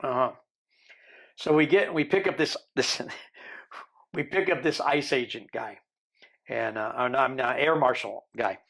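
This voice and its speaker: A man in his sixties, a podcast guest, telling a long story in a lively way and acting out the people he quotes. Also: mid-range voice, unhurried, creaky, long pauses. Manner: animated storyteller who mimics the people he quotes.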